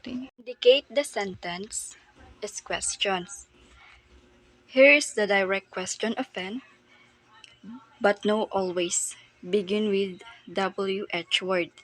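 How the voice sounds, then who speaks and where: A woman's voice: medium pitch, fairly bright tone, poor audio. Filipino-accented woman teaching a grammar lesson. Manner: reads slowly with fillers and restarts. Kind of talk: classroom lesson.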